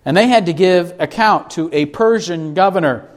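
Here a high-voiced male pastor works through an expository sermon, asking the congregation rhetorical questions and slowing down on scripture passages for emphasis.

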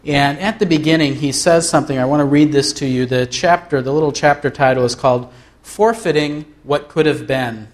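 A man preaches from the pulpit with an earnest, deliberate delivery. His voice sits a little high for a man. He stretches out his important words to drive them home. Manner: earnest, slows down for emphasis. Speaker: pastor. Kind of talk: sermon.

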